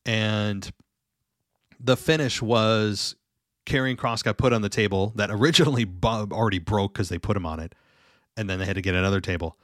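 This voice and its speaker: Opinionated male reviewer, slightly low voice, casual rambling delivery, dry room. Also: normal speed, a bit bright, no echo. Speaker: wrestling show reviewer. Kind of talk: casual commentary.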